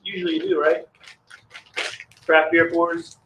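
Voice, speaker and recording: Man, casual live-stream brewer, rambling and friendly with chat, slightly high voice, outdoors on phone camera. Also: flat delivery, unhurried, sharp tone, slight background noise, poor audio. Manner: chatty, reads chat aloud, rambling. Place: outdoors in the cold.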